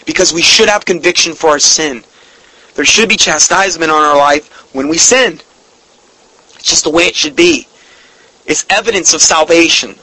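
A man preaches a sermon earnestly and emphatically, openly emotional about his subject and slowing down when reading scripture and definitions. His voice is a little high with a sharp tone and a breathy edge, and the audio is poor.

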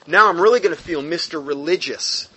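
A man's voice: a little high, a little fast, bright, forceful tone, breathy edge, heavily acted. A man voicing a smug hired priest who is eager for status, talking in a self-satisfied, rambling way.

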